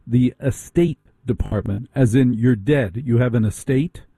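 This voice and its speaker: A man tells a story in a wry, exasperated way. His voice is dark and husky. It is recorded close and dry. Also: mid-range voice, unhurried, no echo. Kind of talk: storytelling monologue.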